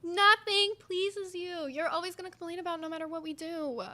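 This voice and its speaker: A high-pitched woman with a bright, ringing voice hosts a livestream chat. She talks bluntly, swears freely and pushes back on viewer complaints. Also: fairly even intonation, normal speed. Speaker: show host.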